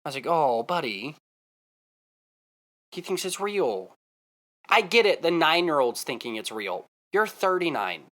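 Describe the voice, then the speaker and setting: A man vlogging casually, telling a story in an excitable, emphatic way and repeating himself for effect. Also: fairly high pitch, moderate pace.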